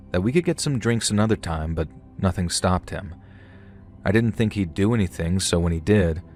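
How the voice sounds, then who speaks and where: Male channel narrator with a low voice, casual and slangy; first-person storytelling.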